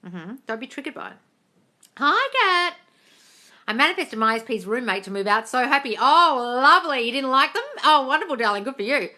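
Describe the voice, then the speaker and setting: With a fairly high, pushed, bright voice, this Australian woman talks fast with hardly any pauses. As a manifestation coach on a live stream, she reads out viewers' questions and answers bluntly and breezily, calling them darling and swearing casually.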